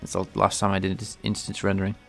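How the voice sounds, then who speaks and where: A man livestreaming game development, thinking aloud in a halting way with many restarts. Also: low-pitched, completely flat delivery, vocal fry, soft background music. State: sneezing, a bit stuffy. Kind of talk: casual livestream coding talk.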